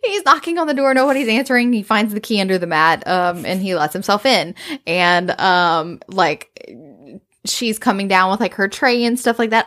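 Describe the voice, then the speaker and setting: A woman in casual chat, excitedly retelling a story and acting out the characters' lines, swearing casually. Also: mid-range voice, moderate pace. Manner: animated, acts out quoted lines, swears casually.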